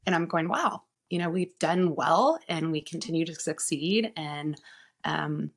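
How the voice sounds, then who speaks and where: A woman with a somewhat low voice talks as a guest in a casual podcast conversation. She sounds earnest and reflective. She often stops with "um" while she works out what she means. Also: slightly rough. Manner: earnest, reflective, pauses with frequent "um". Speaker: guest, insurance agency owner.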